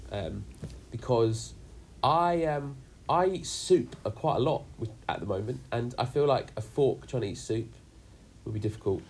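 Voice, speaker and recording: A man's voice: medium pitch, a little mellow, slight background noise. A man leading a youth group chat on a video call, jokey and rambling with lots of fillers.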